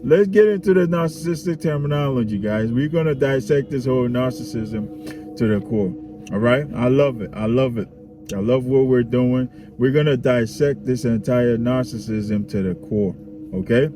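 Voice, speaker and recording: A man's voice: medium pitch, moderate pace, noisy background. A man talking casually to his viewers, repeating his points and checking in often with "all right?" and "huh?". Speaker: self-help video host. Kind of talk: casual spoken talk to viewers. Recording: music playing behind the voice.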